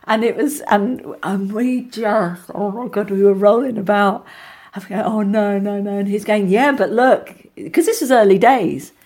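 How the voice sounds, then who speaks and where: A middle-aged woman, an actress being interviewed, telling lively anecdotes with many restarts and asides. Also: mid-range voice, a little slow. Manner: chatty, animated storyteller with many restarts.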